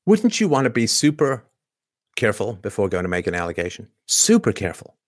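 A man's voice: lowish voice, huge pitch swings, a little fast, dry recording, studio quality. A man hosting a show, talking through a rambling monologue full of restarts and rhetorical questions. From Canada. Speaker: show host. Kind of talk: casual monologue commentary.

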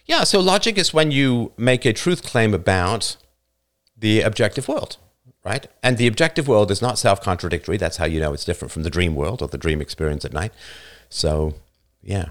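Brief: a fifties man hosting a live show, argumentative and emphatic, chuckling now and then, fairly low-pitched. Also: expressive, normal speed. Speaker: livestream show host. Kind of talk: live show talk answering listener comments.

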